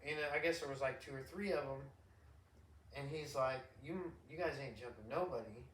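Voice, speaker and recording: Chatty dad host, echoey far mic. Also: male voice, mid-range voice, normal speed, slight background noise. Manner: animated storyteller, laughs often, rambling restarts. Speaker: podcast host. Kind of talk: casual chat. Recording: roomy echo, distant mic.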